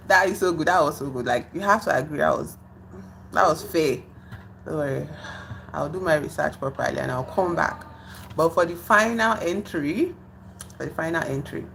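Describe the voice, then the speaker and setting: Low-voiced woman streamer, noisy background. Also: normal speed. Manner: chatty, trails off with fillers, teases an unresponsive chat. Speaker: live streamer. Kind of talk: casual livestream chat. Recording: steady background noise.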